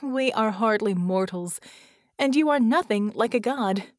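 A woman's voice: a little high, lively intonation, measured pace, no room sound, studio quality. A woman voicing a cocky fused heroine. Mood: taunting. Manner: taunting, smug. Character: fused magical heroine, cocky, mocking, self-assured.

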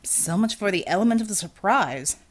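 A woman's voice: mid-range voice, expressive, fairly quick, close to an everyday voice. A woman voicing a dry-witted male team member. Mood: wry. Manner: wry, dry.

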